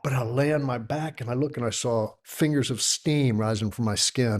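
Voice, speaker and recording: 60-something texas guy telling yoga stories, lively, acts out the voices, average pitch. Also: moderate pace, hardly any pauses. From Texas, United States. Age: 60s. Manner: animated storyteller who acts out quoted voices. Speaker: yoga teacher, podcast guest. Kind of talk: storytelling in a conversational interview.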